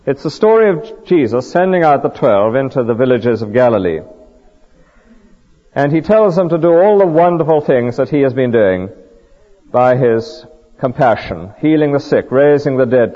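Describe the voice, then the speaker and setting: A man's voice: mid-range voice, lively intonation, moderate pace, warm tone, long reverb tail, lo-fi sound. A man preaching a sermon, earnest and full of rhetorical questions and vivid stories.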